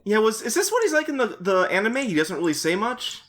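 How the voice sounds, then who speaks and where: A man with a bright, crisp voice chatting casually during a fanfic read-along. He makes wry asides and plays along with the jokes. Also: high voice, big pitch swings, fast talker. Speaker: co-host. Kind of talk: casual comedic riffing.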